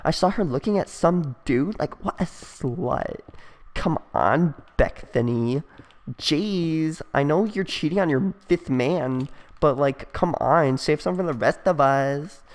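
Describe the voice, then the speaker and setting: A man's voice: on the high side, slow pace, big-room sound. A man voicing a gossipy teenage girl chatting on the phone, gushing in a catty valley-girl way. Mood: catty gossip.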